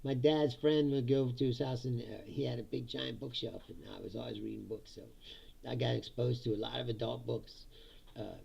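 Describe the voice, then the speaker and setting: Middle-aged guy rambling on his stream, gravelly, laughs a lot, swears, kinda muffled lo-fi audio. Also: medium pitch, fairly even intonation, normal speed, a little mellow. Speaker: host. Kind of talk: casual live-stream monologue.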